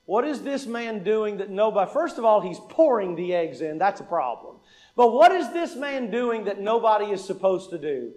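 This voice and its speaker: High-voiced man preaching a sermon. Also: very animated, moderate pace, a little mellow. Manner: asks the congregation questions and answers them; repeats lines for emphasis.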